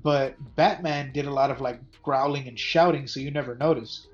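A man's voice: mid-range voice, moderate pace. Man, casual chat, easygoing, agreeable, faint music behind, lo-fi.

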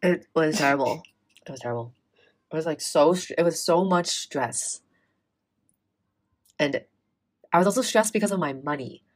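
Young woman, low voice, animated casual storyteller, swears, acts out dialogue. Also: normal speed, pauses often. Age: young adult. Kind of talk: casual chat.

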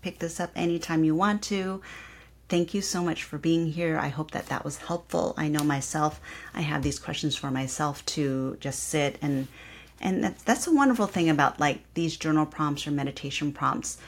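A woman yoga teacher hosting her podcast, guiding listeners through affirmations and repeating each one slowly and calmly. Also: low voice. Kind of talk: guided reflection and affirmations.

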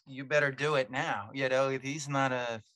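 A man hosting a podcast, talking in a relaxed, casual way with lots of fillers. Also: mid-range voice, moderate pace, dry recording. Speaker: podcast host. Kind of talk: casual interview chat.

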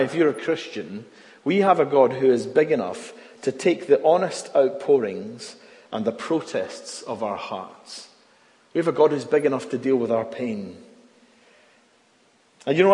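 A man preaching a sermon, earnest and mid-pitched. He swings from ringing emphasis to near-hushed phrases. His voice carries a long echo through a church hall. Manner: earnest, varies volume from loud emphasis to near-hush. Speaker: pastor.

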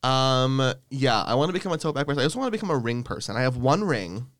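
A man's voice: mid-range voice, lively intonation, quick pace, a bit bright, no room sound, clean studio sound. A young man co-hosting a podcast, teasing his friend bluntly in a casual chat. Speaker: podcast co-host.

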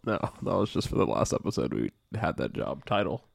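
A man with a drawl and a stuffed-up nose, joking around as a podcast co-host. His voice sits very low with a gravelly fry, and the recording is dry and close. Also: sing-song, a little fast, dry recording. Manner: laid-back, joking. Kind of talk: casual chat.

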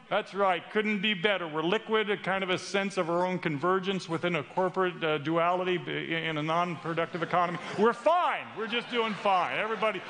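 A man's voice: high voice, pushed and bright, pitched above the performer's own voice. A man voicing a glib, overly upbeat man in a crowd who rambles in buzzwords. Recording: long hall reverb.

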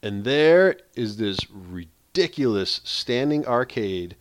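A man's voice: mid-range voice, expressive, takes it slowly, dry recording. A man hosting a casual podcast, steering the talk along with loose restarts. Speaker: podcast host. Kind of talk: casual chat.

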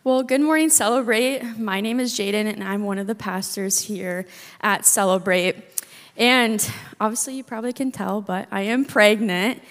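A woman's voice: medium pitch, normal speed. A woman pastor speaking casually and chattily to a congregation. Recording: long reverb of a large hall.

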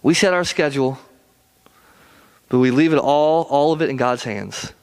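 A man's voice: mid-range voice, moderate pace, long pauses, smooth. A man preaching a sermon in an earnest, repetitive way, often stumbling and restarting his words. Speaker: pastor.

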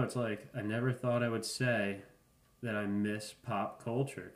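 Deadpan man in his thirties, roomy sound. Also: lowish voice. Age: 30s. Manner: deadpan, rambling with asides and profanity. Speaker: podcast host. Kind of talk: casual comedic monologue.

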